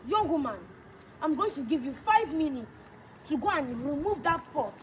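Actress as a commanding young prophet, high and lively pitch, solemn deliberate delivery. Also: female voice, a little hiss or hum, rough recording. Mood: stern. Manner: slow, solemn pronouncements. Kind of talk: skit drama acting.

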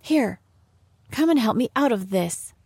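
Woman playing a storybook rabbit, bossy, snappish, pitched up. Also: animated, measured pace, gravelly, darkish tone, a little hiss or hum. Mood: cross. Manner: snappish, ordering servants about. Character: fussy, bossy rabbit master, quick-tempered.

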